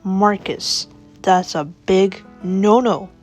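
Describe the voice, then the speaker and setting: A woman's voice: mid-range voice, very slow, darkish tone, faint music behind, low-quality recording. A woman voicing a caring father fox who speaks firmly but reassuringly to his son. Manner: firm, reassuring scolding.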